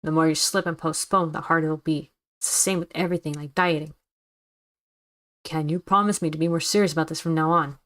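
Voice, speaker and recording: A woman's voice: sits low, fairly even intonation, brisk, a bit bright. A woman reading a chatty, insistent male school nurse. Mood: stern. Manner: friendly but insistent, lecturing. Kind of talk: reading a visual novel aloud.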